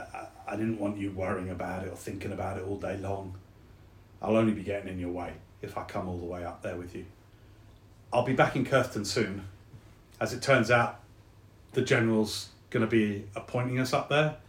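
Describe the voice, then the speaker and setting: Game master doing a gruff, warm South London soldier, quiet, roomy sound. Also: male voice, fairly low pitch, close to an everyday voice. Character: soldier friend, man, gruff and warm-hearted.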